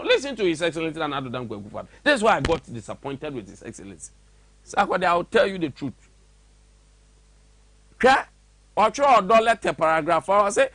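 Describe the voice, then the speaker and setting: In a radio studio, a man with a Ghanaian accent and a high, somewhat bright voice hosts a show, heard in a dry recording. He reads a letter aloud and breaks in with mocking commentary that mixes English and Twi.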